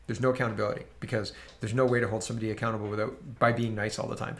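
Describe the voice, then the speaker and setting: Gravelly sarcastic man commenting. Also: on the low side, level tone, racing, hardly any pauses. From Canada. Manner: sarcastic, mocking voices. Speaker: political commentary host. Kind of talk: casual commentary on clips.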